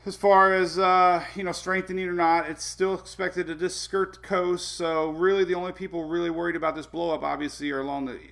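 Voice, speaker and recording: A man's voice: high voice, level tone, brisk, vocal fry, hardly any pauses, fairly bright tone. A man hosting a casual weather live stream, chatty, laughing often and talking to his dogs between updates.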